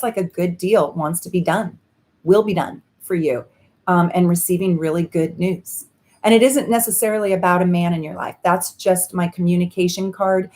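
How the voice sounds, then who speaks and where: A woman's voice: lowish voice, a little mellow. A woman astrologer hosting a casual live stream, chatting effusively and pulling tarot cards for viewers. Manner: bubbly and effusive, with laughs and "um" fillers. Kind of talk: casual live-stream chat with card readings.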